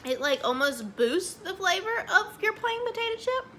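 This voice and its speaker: A young woman, chatting excitedly as she reviews snacks, saying "y'all" a lot. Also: extremely high pitch, moderate pace, a little hiss or hum. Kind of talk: casual chat.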